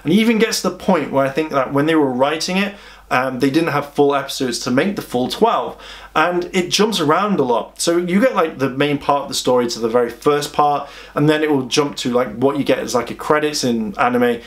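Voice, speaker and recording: A man's voice: a little high, brisk. A man giving a casual, chatty video review of an anime, rambling and exasperated with many restarts.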